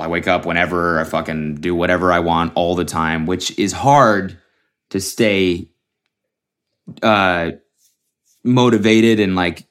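Rambling through his solo comedy podcast, this young host swears a lot and keeps starting his sentences over. He has a low voice with a fairly bright tone.

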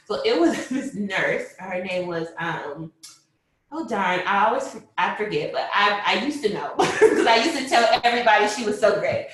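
A young woman telling a personal story, animated, acting out what people said and laughing often. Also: mid-range voice, moderate pace. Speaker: mother telling her birth story. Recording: very echoey room.

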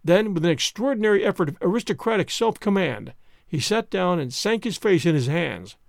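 Expressive man narrating a detective story. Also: high voice, fairly quick, creaky, no echo, studio quality. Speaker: audiobook narrator.

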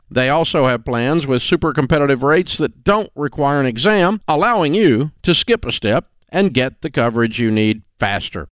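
Emphatic male ad reader, smooth voice. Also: a little high, dry recording, clean studio sound. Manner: emphatic, persuasive. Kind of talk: read commercial. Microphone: studio mic.

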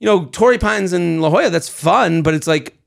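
A man in his thirties co-hosting a casual chat podcast, telling stories in an animated way, swearing freely and acting out what people said. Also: high voice, fairly quick, vocal fry. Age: 30s. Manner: animated storyteller, swears freely, acts out quoted dialogue. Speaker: podcast co-host.

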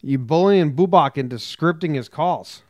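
A man's voice: fairly high pitch, moderate pace, darkish tone, dry recording, studio quality. A man co-hosting a podcast in casual chat, wry and laid-back as he talks his thoughts through. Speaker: podcast co-host.

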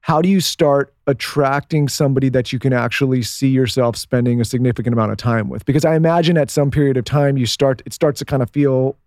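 A man's voice: medium pitch, a little mellow, no echo, studio quality. A man co-hosting a podcast, asking long, rambling questions in casual chat. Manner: quick, rambling questions with restarts. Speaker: podcast co-host.

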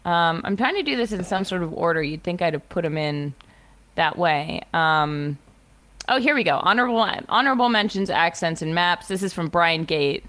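A woman's voice: fairly low pitch, normal speed. A woman co-hosting a sports podcast, reading listener emails aloud and laughing easily in casual chat. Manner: lively, giggly, animated. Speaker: podcast co-host.

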